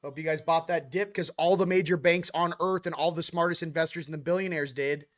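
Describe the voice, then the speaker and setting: Speaking a little fast with a slightly high, fairly even voice, this young spiritual channel host rambles through a relaxed livestream monologue. He's slangy and loose, dropping in quoted asides.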